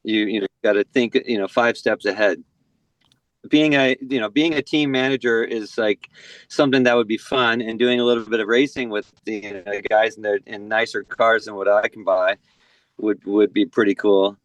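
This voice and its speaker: A man's voice: lowish voice, fairly even intonation, moderate pace, dry recording. An American man in his forties from San Diego, talking as a podcast guest in a loose, rambling way full of "you know" and restarts. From San Diego, USA. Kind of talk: casual podcast conversation.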